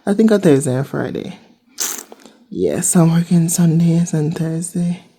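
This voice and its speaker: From her home kitchen, a young woman with a Jamaican accent talks casually for her vlog, rambling and going over the same points again. Her voice is deep, warm and husky, and she keeps a measured pace. She works seasonally as well as vlogging.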